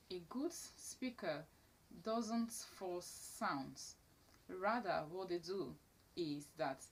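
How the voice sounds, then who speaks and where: A woman's voice: on the low side, slight background noise. A woman teaching elocution to camera, stressing key words and repeating her main points. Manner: emphatic, repeats key phrases. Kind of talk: instructional talk to camera.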